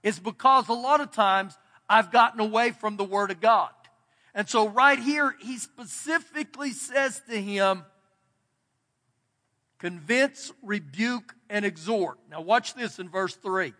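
A man's voice: high voice, measured pace, bright, forceful tone. A man pastor giving a sermon in a church, preaching in an emphatic, folksy way. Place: church sanctuary. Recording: long church hall reverb.

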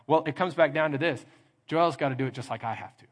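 A middle-aged pastor with a fairly high voice, preaching animatedly and slipping into mock voices to act out everyday scenes. His sermon rings out through a reverberant church hall. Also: fast talker. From Texas.

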